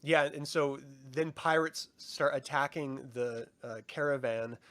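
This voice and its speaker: A young man co-hosting a casual review chat, excited, swearing often and acting out scenes in quoted voices. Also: medium pitch, unhurried. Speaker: podcast co-host.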